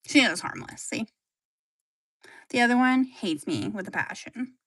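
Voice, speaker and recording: A woman on a home livestream chats about her pets in a soft, sighing way that often drops to a whisper. She talks slowly, taking her time, in a slightly high voice. The sound is dry and close, with no room around it. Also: lively intonation, dry recording. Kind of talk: casual chat showing her pets.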